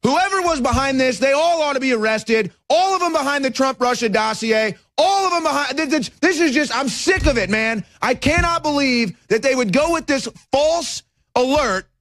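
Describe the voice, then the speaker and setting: A man hosting a talk radio show, delivering a fired-up political monologue that rises to shouts. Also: very high-pitched, expressive, normal speed, no room sound.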